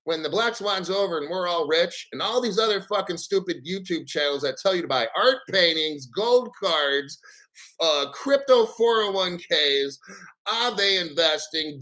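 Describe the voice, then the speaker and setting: A man's voice: a little high, unhurried, bright, forceful tone, rough recording. A man hosting his crypto channel, ranting in a gleeful, mocking and profane way. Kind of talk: ranting vlog commentary.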